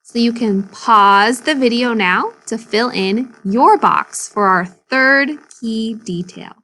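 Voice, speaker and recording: A woman's voice: fairly high pitch, takes it slowly, sharp tone. A woman teacher reading a story aloud and explaining it to children in a video lesson.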